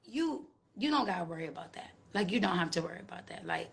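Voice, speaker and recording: A woman hosting a casual live-stream chat, talking in an emphatic, profane, reassuring way with big swings in pitch. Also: animated, quick pace, vocal fry, breathy edge. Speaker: host. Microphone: phone.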